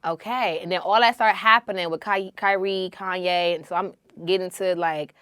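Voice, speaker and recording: Animated woman host in a dry room. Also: lowish voice, normal speed, clean tone, no room sound. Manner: animated storytelling with quoted asides. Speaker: podcast host. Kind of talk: casual conversation.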